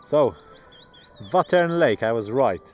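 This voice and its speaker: A man's voice: mid-range voice, expressive, takes it slowly, soft background music. A man chatting casually in a travel vlog outdoors, playful and joking about his own pronunciation. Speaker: travel vlogger. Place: outdoors on a road trip.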